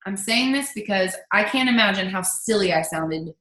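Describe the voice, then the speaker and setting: A woman's voice: medium pitch, expressive, normal speed, bright, forceful tone, roomy sound, poor audio. Emphatic woman leading a video call. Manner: emphatic, preachy. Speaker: team leader. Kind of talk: motivational talk on a video call.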